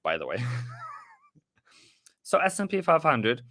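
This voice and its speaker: A man's voice: mid-range voice, huge pitch swings, measured pace, sharp tone, no room sound, studio quality. A man hosting a live trading stream, rambling casually through the markets with restarts and asides to his viewers, a little out of breath. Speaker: trading livestream host.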